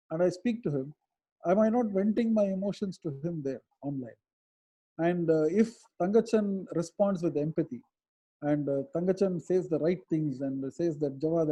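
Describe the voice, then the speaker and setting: A man's voice: fairly high pitch, mellow. A man, an advocate answering webinar questions in a thoughtful, explanatory way over a video call. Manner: thoughtful, explanatory, with hesitant pauses.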